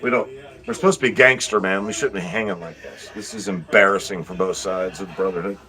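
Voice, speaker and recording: Male streamer, low-pitched but bright-edged, profane, teasing chat banter. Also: fast, poor audio. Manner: profane, teasing, swings between loud bursts and low mutters. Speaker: livestream host reading chat comments. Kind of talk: casual livestream chat.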